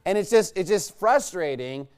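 A man's voice: high-pitched, animated, normal speed, darkish tone, clean tone. A man preaching a sermon in a loose, conversational way, often checking with the congregation. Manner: conversational, rambling, asks listeners "right?".

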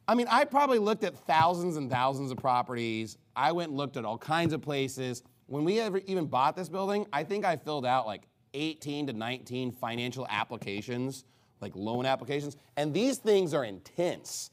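A man pastor preaching a sermon, animated and sarcastic, firing off rhetorical questions to his congregation. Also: fairly high pitch, brisk.

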